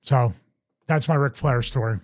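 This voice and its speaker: A man's voice: medium pitch, unhurried, a little mellow. A middle-aged man hosting a podcast, casually telling a story and acting out other people's quotes in raised voices.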